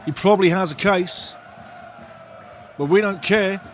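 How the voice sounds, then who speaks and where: A man hosting a live football watch-along, giving partisan, excitable commentary and chatting to his viewers. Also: high voice, measured pace, some chatter behind, slight background noise.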